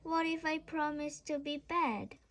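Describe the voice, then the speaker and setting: Brief: high, unhurried little girl witch, eager and pleading, read by a woman. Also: fairly even intonation, fairly bright tone. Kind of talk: storybook read-aloud.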